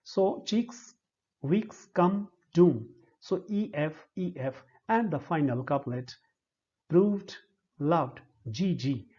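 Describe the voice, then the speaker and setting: A man with an Indian English accent giving a slow, deliberate lecture, spelling out syllables one by one. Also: on the high side, expressive, dark tone, husky. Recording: dull lo-fi recording.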